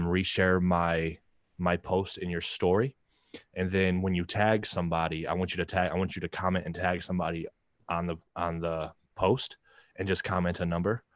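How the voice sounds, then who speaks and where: A man's voice: sits low, little pitch movement, normal speed, dry recording. A man co-hosting a casual livestream, talking in a laid-back, rambling way and often repeating words. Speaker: livestream co-host and wood craftsman. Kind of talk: casual stoner chat.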